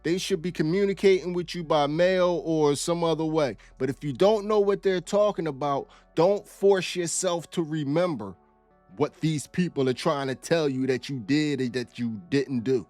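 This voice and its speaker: A man's voice: a little high, moderate pace, a little mellow, faint music behind. A male host giving casual commentary on a clip in a folksy, conversational way. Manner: folksy and conversational, uses y'all.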